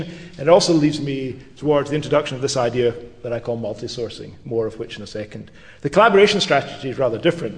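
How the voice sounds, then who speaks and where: Middle-aged man lecturing in a reverberant hall. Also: mid-range voice. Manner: wry, dry humour, occasional restarts. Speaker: law professor giving a public lecture. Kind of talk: public lecture.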